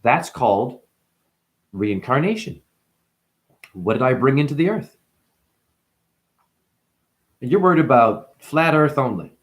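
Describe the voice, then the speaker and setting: A man rambles to the camera in a boastful monologue, casting himself as a spiritual guru. His voice keeps lurching from loud, emphatic bursts down to low, muttered asides. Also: lively intonation, measured pace, pauses often. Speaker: self-styled spiritual guru.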